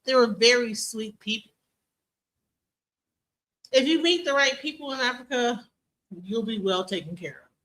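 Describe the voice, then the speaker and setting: A bright, forceful woman's voice from Detroit, hosting a casual streamed talk. She talks bluntly and swears freely. She tells her stories with animation. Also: on the high side, measured pace, long pauses. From Detroit, USA. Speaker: DJ and stream host.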